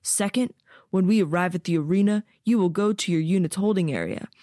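Woman playing a stern male army corporal, commanding, clipped orders, lowish voice, dry sound. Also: brisk, mellow, dry recording, lightly acted.

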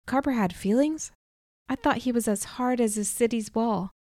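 A woman narrating a first-person audiobook in an even, clear storytelling manner on a close studio mic. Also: a little high, normal speed, dry recording.

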